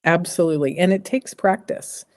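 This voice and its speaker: A middle-aged American woman, appearing as a guest on a talk show, speaks in a lowish voice at a moderate pace with no echo. She offers earnest, emphatic advice, repeating phrases to drive her points home and dropping to a soft voice for reassuring lines.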